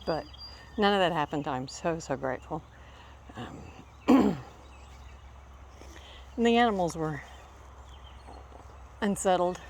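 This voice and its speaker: Woman, casual dog-walk vlogger, slightly winded, lowish voice, noisy outdoor recording. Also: takes it slowly, long pauses, darkish tone. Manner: chatty, calls commands to her dog. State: out of breath. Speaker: vlogger walking her dog. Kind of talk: casual walking vlog. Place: outdoors in a small town.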